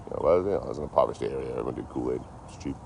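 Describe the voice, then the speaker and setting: A man from Detroit with a rumbling low, creaky, darkish voice talks at a racing pace into his phone on an outdoor livestream by a road. He rambles casually and swears heavily. A little hiss or hum is audible.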